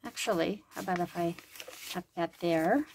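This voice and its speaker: A crafting vlogger chats to herself while she works in her home craft room, thinking out loud and now and then slipping into a whisper. She has a fairly low voice with a darkish tone and a moderate pace, and there's slight background noise.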